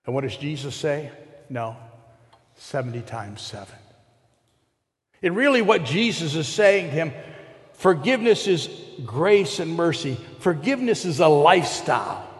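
Guy preaching in a church, keeps asking the crowd questions, voice a bit high, big hall echo. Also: very animated, normal speed. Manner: conversational preaching with rhetorical questions. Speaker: pastor. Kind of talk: sermon. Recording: long hall reverb.

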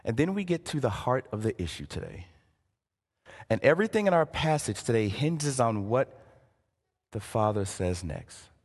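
A man preaching a sermon as a pastor, dramatic in delivery, dropping to hushed phrases to stress a point. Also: medium pitch, very animated, moderate pace, pauses often, in a large hall. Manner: dramatic, drops to near-hushed phrases for emphasis. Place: church sanctuary.

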